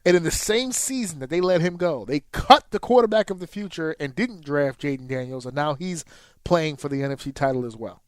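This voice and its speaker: A man's voice: fairly high pitch, expressive, a little fast, clear, resonant tone, no echo. A man co-hosting a podcast, telling a casual, profane story and acting out his own reactions. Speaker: podcast co-host. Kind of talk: casual chat.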